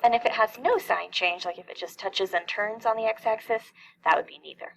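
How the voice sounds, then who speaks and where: A woman's voice: fairly high pitch, fairly quick, vocal fry, poor audio. A middle-aged woman teaching a calculus lesson, explaining each step and asking questions that she then answers herself. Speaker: math teacher.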